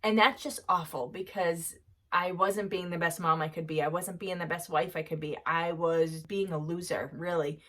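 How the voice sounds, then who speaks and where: A woman's voice: lowish voice, steady tone, normal speed, fairly bright tone. A woman, telling her personal story in a candid, conversational way full of fillers. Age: 30s. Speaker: vlogger sharing her recovery story.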